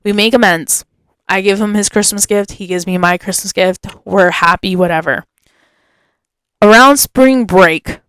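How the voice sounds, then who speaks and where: A young woman hosting a podcast, telling a story in an animated, chatty way, laughing often and filling it with "like". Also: mid-range voice, clean tone, no room sound. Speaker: podcast host. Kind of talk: casual storytelling.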